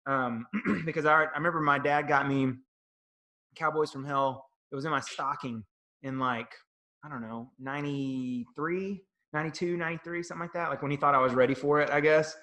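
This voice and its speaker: Bright-voiced man telling rambling stories. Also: fairly high pitch, fairly quick. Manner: rambling, animated storytelling. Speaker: podcast co-host. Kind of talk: casual chat.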